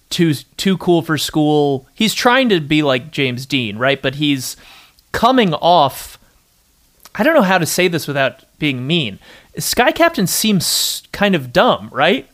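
A man with a fairly high voice offers blunt opinions in a relaxed podcast talk. He sometimes laughs as he criticizes. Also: takes it slowly. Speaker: podcast co-host. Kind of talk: casual discussion.

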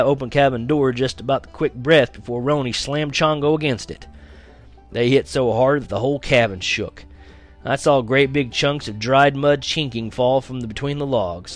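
A man reading a first-person frontier story aloud, lively and dramatic, slowing down at tense moments. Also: mid-range voice. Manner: lively, dramatic, slows for action beats. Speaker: audiobook reader.

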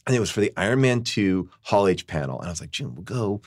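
A man's voice: deep voice, fast talker. A man who is a comedic actor, guesting on a podcast and telling a rambling anecdote in casual talk, acting out what people said and leaning hard on "like". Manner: animated, rambling, heavy use of "like", acts out quoted lines. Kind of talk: casual storytelling.

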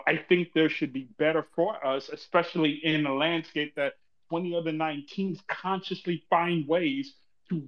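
A man's voice: a little high, dull audio. A man venting on a casual podcast, profane and rambling, repeating himself when he is frustrated.

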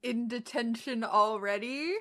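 A woman voicing a stern, amused female cat spirit, pushing her voice deep and slow while reading a fanfic aloud with friends. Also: a bit bright. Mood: wry. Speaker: co-reader.

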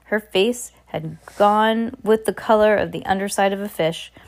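A woman's voice: medium pitch, measured pace. A woman reading a children's novel aloud in a casual way, stumbling and correcting herself now and then. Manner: casual, with slips and self-corrections. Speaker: reader.

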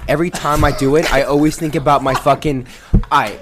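A man's voice: fairly high pitch, fairly even intonation, brisk, background noise. A man co-hosting a podcast, laid-back and rambling, with many fillers. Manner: laid-back, trailing filler-heavy sentences. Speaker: podcast co-host. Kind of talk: casual podcast banter.

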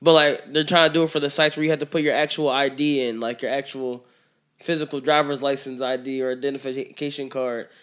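A man's voice: mid-range voice, steady tone, brisk, fairly bright tone. A man in casual chat, rambling and slangy, laughing often as he tells stories.

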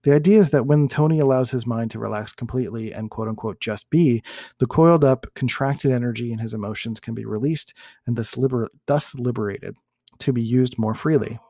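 Man, reading aloud, measured delivery, gravelly voice, dry close recording. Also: medium pitch, mellow, no echo. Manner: measured, with occasional restarts and self-corrections. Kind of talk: reading a book aloud with commentary.

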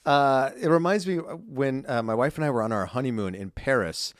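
A man's voice: medium pitch, fairly quick, dry recording, clean studio sound. A man from California, a podcast co-host, telling stories in a casual chat, full of fillers. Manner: animated storyteller, many fillers.

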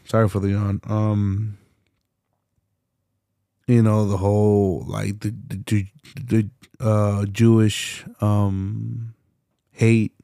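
A man's voice: on the low side, little pitch movement, slow pace, creaky, pauses often, dark tone, clear, resonant tone, dry recording, clean studio sound. A young man hosting a solo podcast, rambling passionately with lots of fillers, restarts and swearing. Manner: swears often. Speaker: podcast host.

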